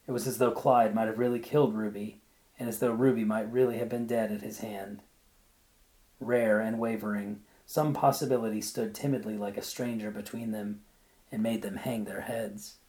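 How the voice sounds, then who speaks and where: A man reading a short story aloud, then musing about it in a thoughtful, halting way. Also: lowish voice, mellow. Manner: thoughtful, searching for words. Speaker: reader.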